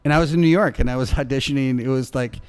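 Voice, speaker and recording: A man's voice: mid-range voice, quick pace, smooth. A male comedian guest telling anecdotes in casual chat, acting out the voices of the people in them. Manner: animated, acts out voices in anecdotes. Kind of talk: casual storytelling. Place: restaurant bar.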